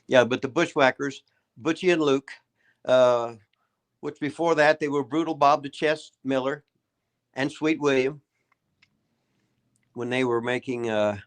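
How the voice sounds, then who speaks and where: A man's voice: mid-range voice, a little slow, pauses often. An older man, a retired wrestler hosting a show and telling rambling, folksy stories with swearing and laughs. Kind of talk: casual storytelling chat.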